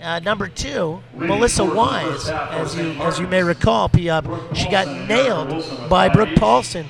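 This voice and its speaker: A man's voice: sits high, measured pace, vocal fry, loud music behind the voice. A man giving chatty color commentary at a live basketball game, reacting to the plays. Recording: loud crowd behind.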